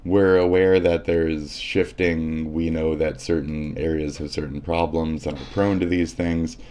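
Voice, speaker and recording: Deep-voiced man ranting profanely on stream. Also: little pitch movement, measured pace, warm tone. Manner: sarcastic, profane and combative. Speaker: livestream host.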